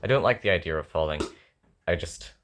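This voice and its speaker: Low and animated, a little on the fast side, this young man's voice comes through a noisy background. He's a songwriter at home with a sore throat, chatting casually, rambling and self-mocking as he thinks aloud about a song he's writing.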